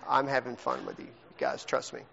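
A man's voice: mid-range voice, sing-song, a little slow, gravelly, background noise. A man, a pastor teasing and joking as he runs a trivia game for a congregation in a church sanctuary. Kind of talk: playful game hosting to a congregation. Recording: long hall reverb, dull lo-fi sound.

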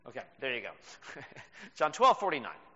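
Man preaching, lively pitch, bright tone, storytelling pastor, reverberant hall, dull sound. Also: moderate pace. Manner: storytelling, animated with laughs. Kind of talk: sermon.

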